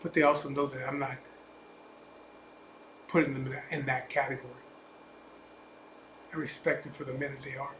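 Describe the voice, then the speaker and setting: Profane Chicano biker ranting in echoey room. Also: male voice, medium pitch, little pitch movement, moderate pace, long pauses, a bit bright. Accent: Chicano English. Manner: profane, defiant, repetitive asides. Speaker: biker vlogger. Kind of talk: blunt unscripted rant to camera. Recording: echoey room, faint background hum.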